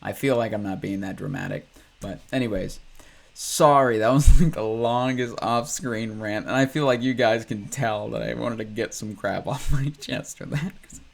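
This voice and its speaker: A man's voice: mid-range voice, moderate pace, creaky. A man hosting a reaction video, ranting casually with frequent swearing, restarts and laughs. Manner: profane, rambling, laughs often. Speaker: ex-Christian reaction host.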